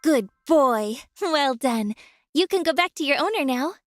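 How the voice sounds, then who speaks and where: A woman's voice: high voice, lively intonation, a little slow, over music. A young woman voicing a kind florist in a game, friendly and chatty with her customers. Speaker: florist shopkeeper. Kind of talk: game voice acting.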